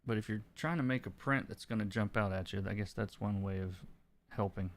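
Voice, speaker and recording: A man, a comic colorist, chatting casually on a livestream while he works, thinking aloud with many restarts and soft chuckles. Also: lowish voice, brisk. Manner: chuckles softly between remarks. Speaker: comic book colorist streaming his work.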